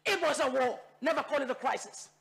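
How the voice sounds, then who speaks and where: Fiery high-pitched Papua New Guinean woman. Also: fairly quick, gravelly, a bit bright. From Bougainville, Papua New Guinea. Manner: fiery, repetitive, rallying. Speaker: member of parliament. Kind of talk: impassioned parliamentary speech. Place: parliament chamber.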